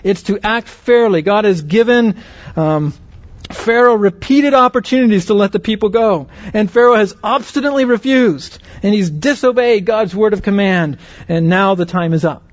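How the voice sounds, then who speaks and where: A man teaching a Bible lesson in an earnest, explanatory way, often checking that listeners follow with quick rhetorical questions. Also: high-pitched, no echo. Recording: dry, slightly dull lo-fi recording.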